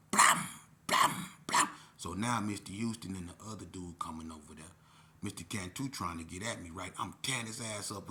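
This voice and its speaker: Man, casual storytelling, profane, animated, low voice, punchy tone.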